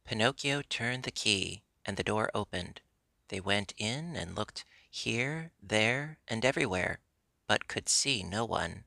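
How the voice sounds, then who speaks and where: A man reads a classic storybook aloud in a steady, measured manner. His fairly low voice has a gravelly edge and a bright, forward tone, recorded close and dry. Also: dry recording. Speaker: audiobook narrator. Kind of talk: storybook narration.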